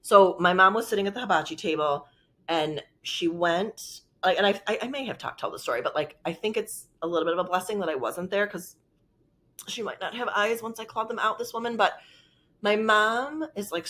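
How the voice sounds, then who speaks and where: A woman vlogger chats casually, rambling through a personal story with lots of fillers, her voice sitting in a middle pitch. She sounds emotional and open. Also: lively intonation, normal speed, sharp tone.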